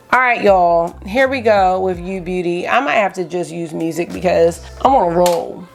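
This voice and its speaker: A woman vlogger chatting excitedly through a makeup swatch review, rambling with lots of asides. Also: medium pitch, gravelly. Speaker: beauty vlogger.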